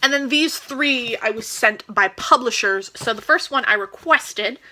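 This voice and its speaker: A woman's voice: a little high, measured pace, sharp tone. A woman chatting casually as a book vlogger, eager and gushing as she shows off new books. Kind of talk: casual book haul chat.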